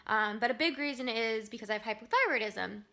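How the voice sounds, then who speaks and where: Out of breath and speaking a little fast in a fairly high voice, a young woman vlogs in a casual, rambling way, saying "like" constantly. There's no echo, but loud noise fills the background.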